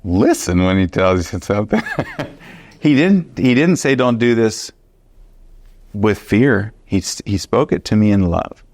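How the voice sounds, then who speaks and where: Man, Bible study teacher, low voice, dry close sound, animated storytelling, chatty restarts. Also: a little slow, no echo.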